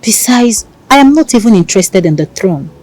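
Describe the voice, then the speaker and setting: A woman's voice: medium pitch, lively intonation, fairly quick, darkish tone, lightly acted, low-quality recording. An actress with a Nigerian accent playing a devoted young heiress who reassures her lover in a film drama. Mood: tender. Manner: tender, reassuring, shifts into pidgin.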